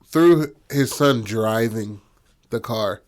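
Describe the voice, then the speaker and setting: A man's voice: on the low side, darkish tone. A man co-hosting a podcast, talking through a story in casual, slang-filled chat and stressing his points. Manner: slang-heavy, emphatic, slows down to stress a point. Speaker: podcast co-host. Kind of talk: casual discussion.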